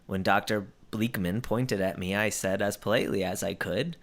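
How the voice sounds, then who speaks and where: A woman's voice: a bass voice, normal speed, hardly any pauses. A woman reading a children's book aloud on a podcast, acting out the lines with expression and joking around. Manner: reads with expressive character voices and jokes. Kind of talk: casual podcast reading and chat.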